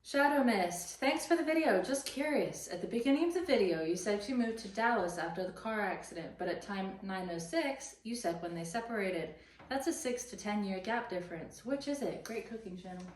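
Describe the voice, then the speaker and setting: A woman's voice: mid-range voice, lively intonation, fairly quick. A young woman reading viewer questions aloud in a matter-of-fact way. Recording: roomy sound from a distant mic.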